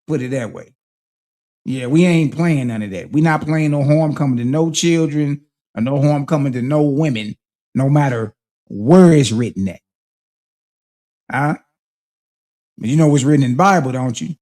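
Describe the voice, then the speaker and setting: A man's voice: mid-range voice, animated, moderate pace, pauses often, warm tone. A man hosting a casual reading and commentary on a religious book, talking in emphatic street slang and checking in with listeners with a rhetorical "huh?". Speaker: host.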